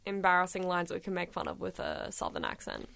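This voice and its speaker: A woman co-hosting a relaxed podcast about a TV episode. She chats in a dry, wry way, trading jokes and murmuring agreement as the talk goes on. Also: fairly low pitch, fast talker, gravelly. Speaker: podcast co-host. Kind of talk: casual chat reviewing a TV episode.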